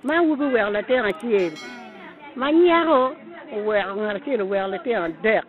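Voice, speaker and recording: An older woman, a market vendor speaking slowly with heartfelt thanks. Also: fairly high pitch, expressive, narrow, tinny audio.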